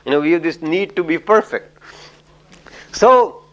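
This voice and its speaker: Middle-aged lecturer from India, somewhat high-voiced, chatty storyteller. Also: male voice, lively intonation, measured pace, fairly bright tone. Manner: chatty, frequent "you know", laughs at own stories. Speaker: communication trainer and lecturer. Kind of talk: lecture with anecdotes.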